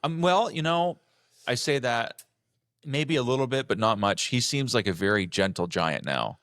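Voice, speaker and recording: Male co-host, mid pitch, animated, dry sound. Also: normal speed, no room sound. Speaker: podcast co-host. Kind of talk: casual chat.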